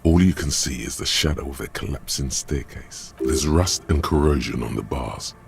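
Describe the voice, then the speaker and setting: A male voice actor narrating a video game as a grave, measured inner voice describing the scene. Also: extremely low pitch, gravelly, slight background noise. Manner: calm, descriptive, commanding.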